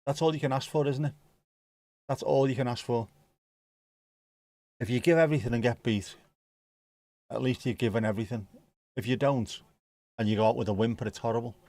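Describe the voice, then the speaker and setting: A man's voice: medium pitch, brisk, long pauses, darkish tone, dry recording. Laid-back sweary man. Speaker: streamer hosting a football watchalong. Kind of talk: casual live match commentary.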